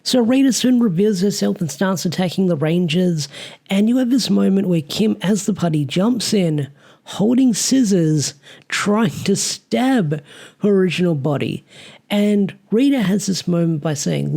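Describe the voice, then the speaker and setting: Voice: medium pitch, lively intonation, unhurried, vocal fry, mellow. A reviewer with an Australian accent, talking through a story in a casual, rambling way with many fillers. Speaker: comic reviewer.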